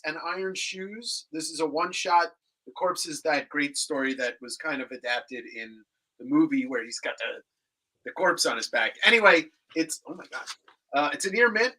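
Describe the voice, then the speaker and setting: A man with a bright, pushy tone and a voice set a bit high hosts a live comic book sale. He jokes between listings and reads titles and prices off quickly. It is loose, casual stream banter. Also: animated, low-quality recording. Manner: joking, rattles off comic listings.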